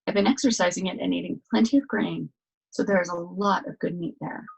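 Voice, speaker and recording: A woman's voice: fairly low pitch, fairly even intonation, a little fast, vocal fry, breathy edge, poor audio. A woman voicing a fat, polite male cow that offers itself as dinner, speaking with courteous contentment. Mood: genteel.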